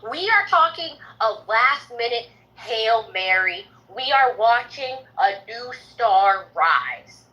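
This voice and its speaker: A woman's voice: high-pitched, bright, forceful tone, rough recording. A woman giving an emphatic, upbeat political pep talk in an audio chat room, rallying the listeners.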